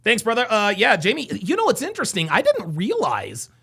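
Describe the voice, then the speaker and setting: Casting: male call-in host, high lively voice, bright, gravelly edge. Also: a little fast. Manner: animated, exclaims loudly. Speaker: live stream host giving dating advice. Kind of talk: casual call-in chat.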